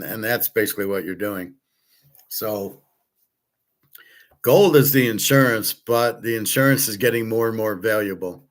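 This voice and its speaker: A man's voice: lowish voice, a bit bright. A man talking in a blunt, rambling monologue, full of profanity, fillers and restarts, who acts out both sides of imagined conversations. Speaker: sports handicapper and commentator.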